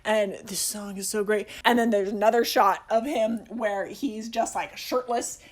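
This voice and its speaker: A young man hosting a casual movie review, excitedly rambling and swearing as he gushes. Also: high-pitched, normal speed, noisy background. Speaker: video essay host.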